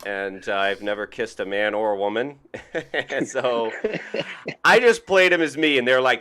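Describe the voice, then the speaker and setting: A man's voice: medium pitch, moderate pace, smooth. A young man from Georgia, doing a self-deprecating stand-up set on an online show. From Georgia, USA. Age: young adult. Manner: self-deprecating, lively storytelling with goofy put-on voices. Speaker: stand-up comic.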